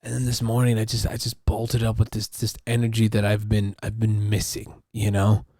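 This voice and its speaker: A man's voice: on the low side, completely flat delivery, normal speed, dark tone, no room sound, studio quality. A man hosting his own podcast, talking alone in a loose, rambling, profane monologue. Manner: rambling, profane, restarts and fillers. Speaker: podcast host. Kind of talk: casual solo podcast monologue.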